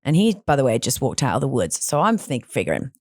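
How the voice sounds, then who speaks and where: A woman hosting a podcast, telling stories in an animated, outspoken way with frequent restarts. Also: a bass voice, fast, no room sound, clean studio sound. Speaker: podcast host. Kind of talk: casual conversational storytelling.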